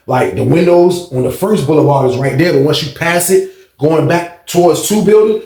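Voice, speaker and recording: A man telling a casual, rambling story in slang, acting out shouts along the way. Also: on the high side, roomy sound.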